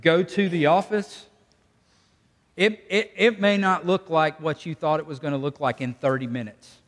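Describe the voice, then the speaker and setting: Folksy pastor in a reverberant church. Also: male voice, a little high, fairly even intonation, moderate pace. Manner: folksy, conversational preaching with audience call-and-response. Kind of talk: sermon. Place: church sanctuary. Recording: long reverb of a church hall.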